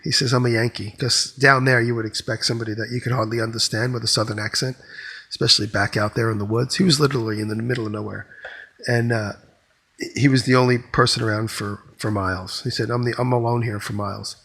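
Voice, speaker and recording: A man's voice: mid-range voice, steady tone, quick pace, creaky, fairly bright tone, husky. A man co-hosting a podcast, telling a long rambling story with lots of restarts. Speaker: podcast co-host. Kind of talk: casual chat.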